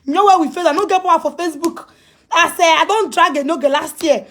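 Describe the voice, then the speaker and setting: A Nigerian woman with a Pidgin English accent and a strikingly high, piercing voice holds forth on a phone live stream. She scolds and lectures, hammering the same phrases over and over, and her voice climbs into shouts. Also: quick pace. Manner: scolding, repetitive, emphatic, breaks into shouts. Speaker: social media personality. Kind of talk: ranting live-stream commentary.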